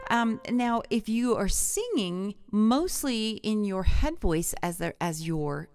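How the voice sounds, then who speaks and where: A woman's voice: mid-range voice, sing-song, slow pace. A middle-aged woman voice coach teaching a live singing lesson, chatty and enthusiastic, drifting off on little tangents. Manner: chatty, digressive, warmly enthusiastic.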